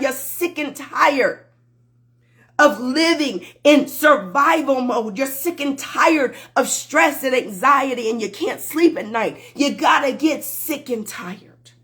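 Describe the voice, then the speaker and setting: A woman's voice: high-pitched, a little slow, fairly bright tone. A woman minister giving spiritual advice in a live stream, preaching in emphatic, repetitive exhortations.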